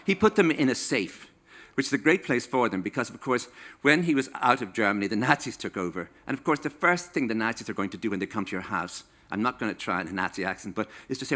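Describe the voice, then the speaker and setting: Irish man, 60s, author at a live talk; wry comic storyteller with a bright, forceful voice. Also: on the low side, big pitch swings, fast talker. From Ireland. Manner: wry, playful, acts out quoted voices. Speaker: author giving a stage talk. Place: stage in a small venue.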